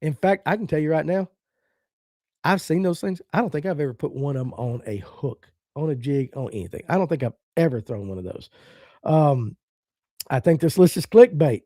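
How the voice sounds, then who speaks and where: A man's voice: on the high side, moderate pace, warm tone, no room sound, studio quality. A middle-aged man from the American South, hosting a fishing podcast in casual live-stream chat, blunt and opinionated as he reads out viewer comments.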